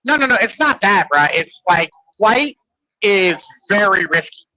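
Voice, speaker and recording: A man's voice: high-pitched, big pitch swings, unhurried, pushed and bright, no echo, rough recording. A man in casual podcast chat, rambling and profane, leaning on "like" and "right?". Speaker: podcast host.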